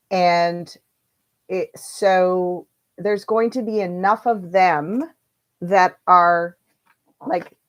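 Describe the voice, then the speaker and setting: A woman hosting a livestream tarot reading, chatty and animated, laughing often and quoting people in playful voices. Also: on the low side. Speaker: tarot reader.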